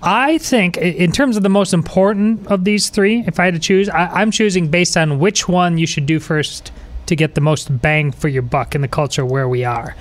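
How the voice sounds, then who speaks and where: Halting man co-hosting a podcast. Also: high-pitched. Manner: halting, many restarts and fillers. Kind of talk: casual podcast talk.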